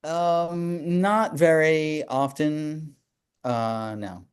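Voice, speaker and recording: A man chatting as a guest in a casual group talk, hesitant and halting with many fillers. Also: fairly high pitch, clear, resonant tone.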